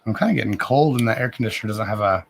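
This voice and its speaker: A man's voice: on the low side, racing, creaky. A man in his thirties chatting casually on a live stream as a card reader, rambling, with frequent restarts and loose swearing. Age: 30s.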